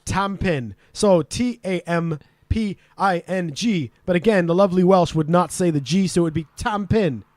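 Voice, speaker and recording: A man's voice: sits high, moderate pace, few pauses, a little mellow, dry recording, clean studio sound. A man co-hosting a casual podcast, quizzing his guest with laughs and plenty of swearing. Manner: laughing, swears freely, teasing quiz-master. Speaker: podcast co-host. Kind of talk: casual banter.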